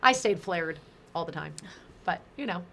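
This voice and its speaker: Chatty, animated woman podcast host. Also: lowish voice, normal speed, vocal fry, crowd noise. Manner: chatty and animated, laughs easily. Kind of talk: casual conversational interview.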